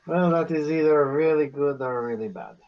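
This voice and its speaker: A man's voice: a little high, normal speed. Wry man on a distant, dull mic. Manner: dry, wry remarks. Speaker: player. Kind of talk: casual tabletop game chat.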